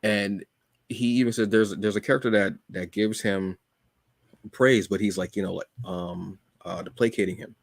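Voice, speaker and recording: A man co-hosting a podcast, chatting casually and rambling with lots of halting fillers. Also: fairly low pitch, steady tone, gravelly, no room sound, studio quality. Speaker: podcast co-host. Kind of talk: casual chat.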